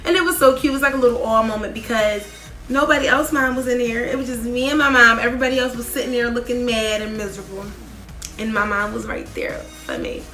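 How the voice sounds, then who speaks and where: A young woman in her twenties tells a casual storytime, her bright voice sitting a little high. She talks in a chatty, animated way, full of "like" and quick asides. Her voice carries through a roomy, echoing space over faint background music. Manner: chatty, animated, heavy use of "like". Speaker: vlogger.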